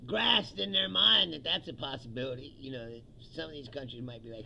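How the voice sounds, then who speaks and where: A man's voice: high-pitched, moderate pace, vocal fry, pushed and bright, slight background noise. A man hosting a livestream, giving a casual, profane political rant with sarcastic asides and chuckles at his own jokes.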